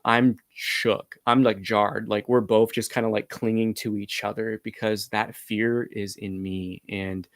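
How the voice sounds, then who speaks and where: A man earnestly recounting a personal breathwork experience, halting and full of fillers. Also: on the low side, little pitch movement, dry recording. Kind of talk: personal storytelling.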